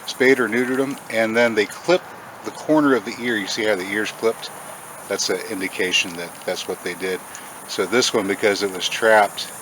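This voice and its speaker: A man hosting a casual outdoor farm vlog, chatty, often breaking into a high sing-song voice to talk to animals. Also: normal speed, background noise. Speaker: farm channel host.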